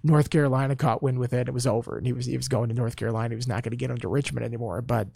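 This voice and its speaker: A man talking casually on a podcast as a sports reporter, telling stories with quick asides. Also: medium pitch, fairly even intonation, vocal fry, dark tone, slightly rough, dry recording, studio quality. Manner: chatty storyteller, quick asides.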